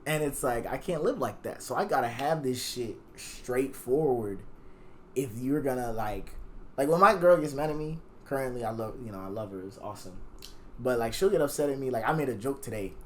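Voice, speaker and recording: A young man chatting casually on a podcast, telling a story with lots of profanity. He acts out the lines he quotes, so his voice swings in pitch and loudness. A faint hiss of noise sits behind him. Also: lively intonation, brisk. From Jamaican. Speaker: podcast guest.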